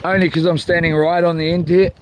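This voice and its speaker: A man's voice: a little high, level tone, quick pace, slight background noise. A man chatting casually while fishing, joking, rambling and swearing. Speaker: fishing vlogger. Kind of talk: casual vlog chat. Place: outdoors by the water while fishing.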